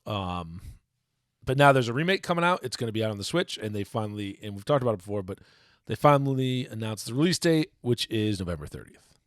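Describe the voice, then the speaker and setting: Male podcast co-host, low voice, rambling, self-correcting, dry sound. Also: animated, quick pace, no room sound. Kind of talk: casual podcast chat.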